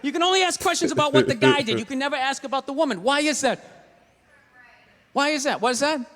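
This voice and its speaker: Male stand-up, middle-aged, profane ranting storyteller, high and bright. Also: animated, quick pace. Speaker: stand-up comedian. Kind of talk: stand-up comedy.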